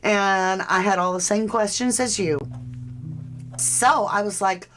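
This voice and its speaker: A woman hosting a true crime livestream at an unhurried pace. She chats casually, thinks aloud and keeps dropping in asides to her viewers. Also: medium pitch, fairly bright tone, faint music behind.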